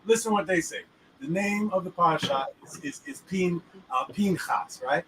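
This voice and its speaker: Hosting a casual weekly Torah portion talk in a moving car, a man speaks at a moderate pace in a high-sitting voice. Street slang fills his speech, and he often checks the listener understands, while a distant mic catches faint road noise.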